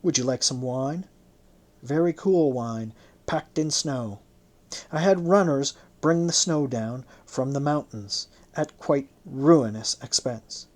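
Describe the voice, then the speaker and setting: A narrator voicing a haughty, teasing Roman noblewoman who mocks and coaxes in a slow, purring way. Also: mid-range voice, natural voice. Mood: indulgent.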